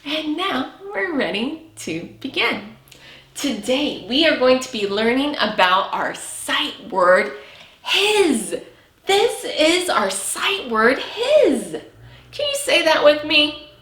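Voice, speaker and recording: A woman teaching a sight-word lesson to young children, with slow, encouraging, sing-song praise. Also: high voice, very animated, fairly bright tone, roomy sound. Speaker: preschool teacher.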